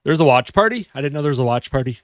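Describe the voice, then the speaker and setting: A man's voice: mid-range voice, expressive, very fast, no echo, clean studio sound. A man hosting a casual live fan stream, chatting and answering viewer comments while sleepy and yawning at home. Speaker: livestream host.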